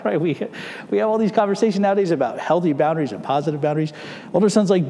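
A man's voice: a little high, big pitch swings, a little fast, warm tone, slight background noise. A male pastor preaching a sermon in a church, explaining the story step by step and checking in with "right?". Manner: explanatory, asks "right?" to check listeners follow. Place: church sanctuary. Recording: long church reverb.

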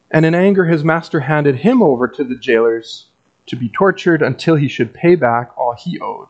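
Wry conversational pastor, slightly high voice. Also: male voice, expressive, normal speed, darkish tone, lo-fi sound. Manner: conversational and wry, with dry asides. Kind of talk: sermon.

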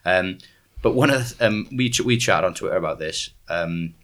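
A young man hosting a casual political chat, animated and full of excited restarts. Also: deep voice, normal speed. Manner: animated, stumbling restarts when fired up.

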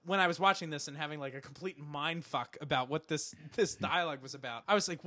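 A man's voice: on the high side, fairly quick, hardly any pauses. A man co-hosting a podcast, chatting casually about a TV episode and animatedly acting out characters' lines. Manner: animated, acts out lines in quoted voices. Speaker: podcast co-host. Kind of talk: casual chat recapping a TV episode.

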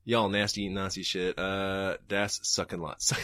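A man's voice: medium pitch, animated, brisk, bright, forceful tone, no echo, clean studio sound. A man hosting a podcast and reading live chat, talking casually and profanely and laughing often.

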